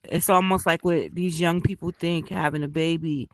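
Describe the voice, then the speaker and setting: A man's voice: a little high, fairly even intonation, moderate pace, dry recording. A man in a casual group discussion, starting hesitantly with stammers.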